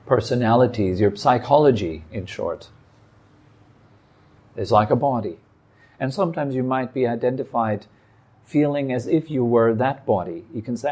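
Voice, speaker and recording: A man gives a meditation talk. His voice is mellow and relaxed, at an ordinary male pitch. He speaks calmly and reflectively, in short phrases broken by pauses. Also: slightly rough. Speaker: meditation teacher. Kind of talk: dharma talk. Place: meditation hall.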